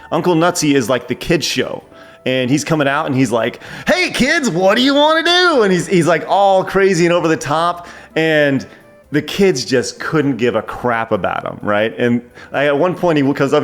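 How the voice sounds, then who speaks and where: Man, casual film review, excited, rambling, mid pitch, faint music behind. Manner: excited, rambling, frequent restarts.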